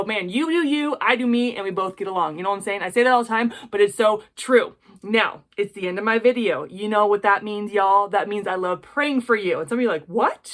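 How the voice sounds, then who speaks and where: A woman hosting a jewelry-making tutorial, chatting warmly to viewers and ending with a heartfelt prayer. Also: mid-range voice. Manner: gushing, chatty, addresses viewers directly. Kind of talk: casual tutorial with closing prayer.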